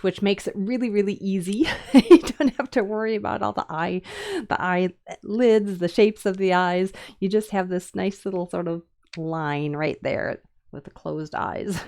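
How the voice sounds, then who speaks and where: On a live stream, a middle-aged woodcarving teacher from the Upper Midwest chats loosely while demonstrating carving, rambling along with fillers and restarts. She has a Minnesota accent, the Upper Midwest American sound of Minnesota and Wisconsin, and a medium-pitched voice.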